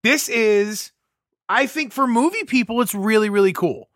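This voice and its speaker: Man, podcast co-host, casual chat, lively pitch, bright, dry close sound. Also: moderate pace, dry recording. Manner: animated, enthusiastic, acts out cravings in quotes.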